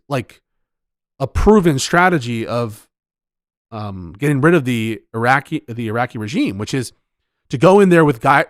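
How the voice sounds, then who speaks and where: A tired man speaks at a medium pitch in loose political chat, rambling, cursing and doubling back on his words. His voice is recorded dry and close. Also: dry recording. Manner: rambling, profane, restarts often.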